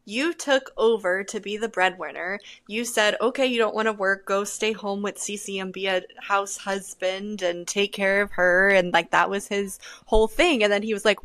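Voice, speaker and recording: A woman's voice: mid-range voice, normal speed, few pauses, a bit bright. A woman hosting a podcast, recapping her guest's story with stunned disbelief. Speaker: podcast host. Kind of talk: conversational interview.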